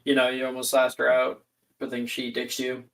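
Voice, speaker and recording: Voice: mid-range voice, monotone, normal speed, vocal fry, far from the mic, rough recording. A tabletop role-play player talking in character in a teasing, nosy, casual way.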